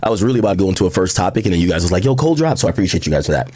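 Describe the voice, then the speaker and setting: Fast-talking man on dry, husky stream audio. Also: deep voice, very animated, a little mellow. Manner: rapid, conversational, reads the chat. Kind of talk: fast live-stream commentary.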